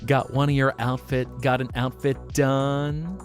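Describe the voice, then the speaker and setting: A man chatting casually on a live stream, playful and animated, swearing and laughing often. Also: mid-range voice, a little slow, soft background music. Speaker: VTuber streamer.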